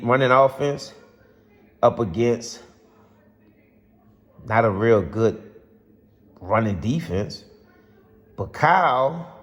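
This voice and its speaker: A man ranting passionately to camera as a vlogger, rambling and repeating himself. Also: mid-range voice. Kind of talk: casual football rant to camera. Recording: long hall reverb.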